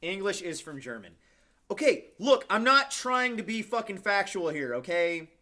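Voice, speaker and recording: A man from Washington State tells stories in a loose, rambling way, full of fillers and cursing. His voice is very bright and sits fairly high for a man. The whole thing sounds like casual banter among friends. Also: big pitch swings, normal speed. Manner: crude, rambling storyteller, many fillers and cursing. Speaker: podcast host.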